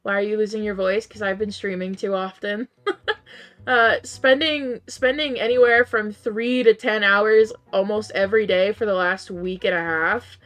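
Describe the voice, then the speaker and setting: A woman casually chats with viewers during a game she's losing, her voice strained and worn. She answers chat and often erupts into high, disbelieving outbursts. Her tone is steady and fairly bright, at a moderate pace.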